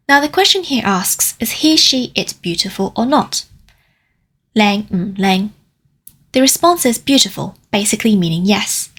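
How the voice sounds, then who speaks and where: A woman with a husky, slightly breathy voice delivers a scripted language lesson. She explains grammar step by step in a clear, careful way and slows down to sound out each example phrase. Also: mid-range voice, fairly bright tone. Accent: Cantonese. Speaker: language teacher.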